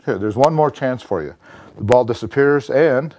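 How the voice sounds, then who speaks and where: A man performs a close-up magic routine and talks the viewers through each move. His patter is relaxed and chatty, pitched in a middling register. The recording is dry and close, with almost no room sound. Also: normal speed, dry recording.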